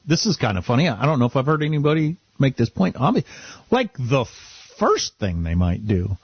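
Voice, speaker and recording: Brief: male radio co-host, husky, lively pitch, wry chatty delivery, dry dull sound. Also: fairly quick, no echo. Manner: wry, animated, restarts a lot. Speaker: radio talk show co-host. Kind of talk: casual radio talk.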